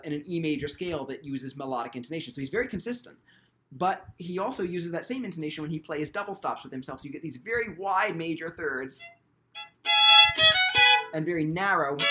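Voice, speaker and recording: In this instructional video, a man with a slightly high voice teaches violin, speaking thoughtfully and frequently restarting his sentences with "um."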